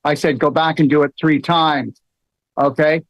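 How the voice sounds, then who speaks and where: Middle-aged guy rambling thru stories, lotsa ums, kinda high voice, flat dead-dry lo-fi audio. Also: a little slow, dry recording. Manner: storytelling, many fillers, rising into animated quoted lines. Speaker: host. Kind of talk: casual livestream talk. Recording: dull, dry lo-fi sound.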